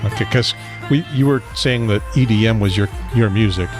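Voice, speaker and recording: A man hosting a casual podcast chat who talks haltingly and often restarts. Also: lowish voice, music in the background. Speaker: podcast host.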